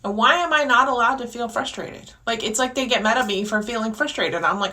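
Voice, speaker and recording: A woman's voice: medium pitch, quick pace, few pauses, pushed and bright. A woman hosting a podcast, talking in a frustrated, rambling monologue full of restarts. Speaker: podcast host. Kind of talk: casual venting monologue.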